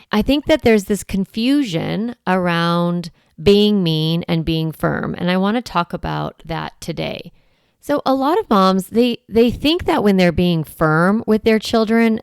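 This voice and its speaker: Addressing her listeners directly in a solo talk to camera, a woman parenting coach switches into a firm, strong voice to model what parents can say to their kids. Her mid-range voice is animated, measured, gravelly, clear, and resonant, captured in a dry, studio-quality recording.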